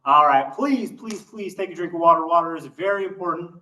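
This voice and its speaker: A man's voice: on the high side, brisk, sharp tone, far from the mic, poor audio. A man leading a seated exercise class, counting repetitions aloud in an upbeat, encouraging way and a little out of breath. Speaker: exercise instructor.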